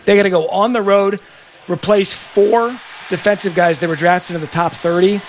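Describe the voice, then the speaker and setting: A man's voice: high voice, fairly even intonation, moderate pace. Man, football analyst, emphatic sports radio pick, faint room noise. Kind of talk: confident sports radio prediction.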